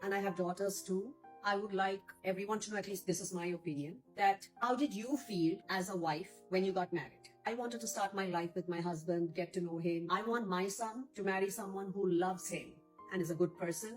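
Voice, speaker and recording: A mother of sons and daughters gives calm, earnest advice to camera. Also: mid-range voice, fairly quick, low-quality recording. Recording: faint background music.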